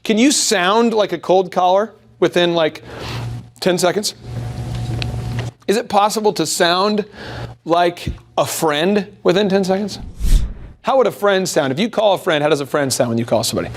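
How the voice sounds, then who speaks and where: A man with a notably high voice gives an energetic sales workshop talk to a room full of people. He keeps firing rhetorical questions at the audience and pokes fun at himself. A faint hiss sits under the recording. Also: moderate pace, pauses often. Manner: animated, asks the audience rhetorical questions, jokes at his own expense. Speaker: business workshop host. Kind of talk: motivational sales lecture to a live audience.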